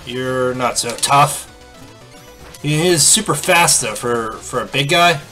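A man chats playfully as he plays through a game. His voice is bright and crisp at an ordinary male pitch. Light music plays faintly behind him. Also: takes it slowly. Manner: playful, chatty, reacts aloud. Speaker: let's play host. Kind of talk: casual gameplay commentary.

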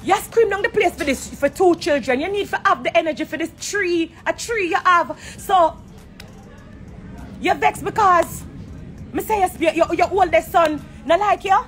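A woman's voice: very high-pitched, moderate pace, a bit bright, faint music behind. A woman with a Jamaican accent, ranting heatedly on a live stream from a corner of an airport. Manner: heated and confrontational.

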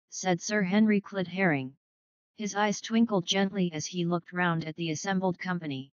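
A woman narrating an audiobook in a measured, even way. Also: fairly low pitch, clear, resonant tone, no room sound, highs cut off. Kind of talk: scripted narration.

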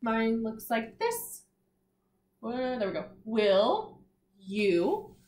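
A woman teaches young children in a slow, deliberate way, spelling words letter by letter and praising each answer. Her voice carries a roomy echo, as if she is recording in a bare classroom. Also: on the high side, big pitch swings, darkish tone. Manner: patient, encouraging, sounds out letters. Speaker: kindergarten teacher.

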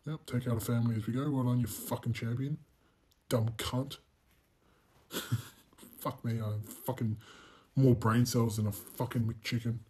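A young man calls his racing game as he plays it, cursing freely and poking fun at himself. His voice sits in an ordinary middle register. It jumps suddenly into loud shouts whenever the race turns. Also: mid-range voice, steady tone, unhurried, long pauses, slightly rough. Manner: profane, self-mocking, bursts into loud exclamations. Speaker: gaming channel host.

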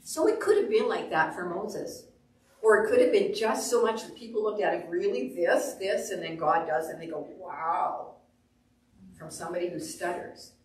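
A woman pastor preaching a sermon, telling stories with animated delivery and acting out quotes. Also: fairly low pitch, a little fast, recorded from a distance. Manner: animated storytelling, acts out quotes. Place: church sanctuary. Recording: echoey room, voice off the mic.

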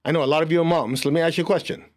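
A man's voice: a little high, fairly even intonation, rapid-fire. A man teaching an energy healing class, leading a live audience through a guided exercise. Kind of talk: guided group lesson.

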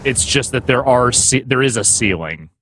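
A man's voice: mid-range voice, animated, normal speed, a bit bright, a little hiss or hum. A man co-hosting a let's play, giving wry, critical commentary on the game. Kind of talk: casual gameplay commentary. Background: game music.

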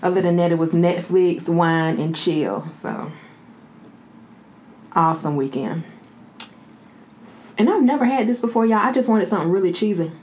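A woman's voice: lowish voice, moderate pace, pauses often, a little mellow, a little hiss or hum. Chatty woman hosting an eating vlog. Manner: chatty, keeps calling viewers "y'all". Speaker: mukbang host. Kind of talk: casual eating vlog chat.

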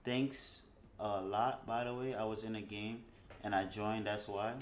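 A man's voice: lowish voice, flat delivery, unhurried, roomy sound. A young man hosting a casual gaming livestream, talking laid-back with his friends and often repeating himself. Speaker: livestream host. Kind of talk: casual gaming stream chat.

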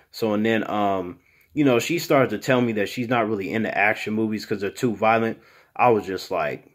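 A man's voice: lowish voice, close to an everyday voice. A man playing a swaggering, crude male mutant monster who calls people "human", telling a comedic story in the third person. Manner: boastful, profane, talks about himself in third person. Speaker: channel host.

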